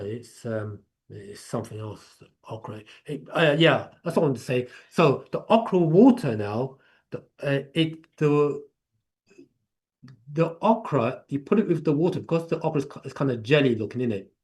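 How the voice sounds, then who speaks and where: A man with an English accent hosts a live online class, chatty and rambling and quick to laugh. His voice is mid-range with a darkish tone.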